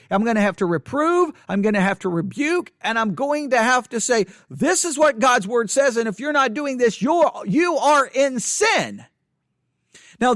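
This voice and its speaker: A man reading from an article and commenting on it in an earnest way, often halting and restarting his sentences. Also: extremely high pitch, a bit bright, dry recording, studio quality. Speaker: Christian commentator.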